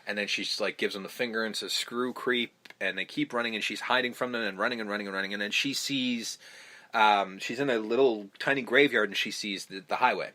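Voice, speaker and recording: A man's voice: on the low side, steady tone, fairly quick, bright, forceful tone. A man hosting a podcast, recapping a film in casual, rambling chat full of ums, restarts and swearing. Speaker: podcast host.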